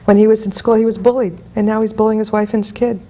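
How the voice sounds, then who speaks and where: A woman's voice: mid-range voice, flat delivery, quick pace, warm tone. A woman guest hypnotist in an interview, telling client stories bluntly and emphatically. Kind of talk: interview storytelling.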